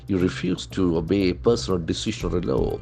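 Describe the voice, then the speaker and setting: Over faint music, a man whose mellow voice sits low, with vocal fry, talks fast while teaching newspaper vocabulary. He's an English language trainer who spells words letter by letter and works methodically through how each is pronounced and what it means.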